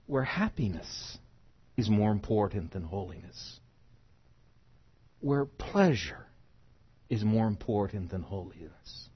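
In a low, husky voice, a middle-aged American preacher delivers an emphatic sermon that swings between soft and loud. The recording itself sounds muffled and dull.

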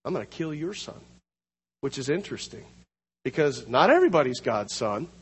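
Husky, animated male preacher. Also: mid-range voice, long reverb tail. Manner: animated, slows down to read scripture aloud. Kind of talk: sermon.

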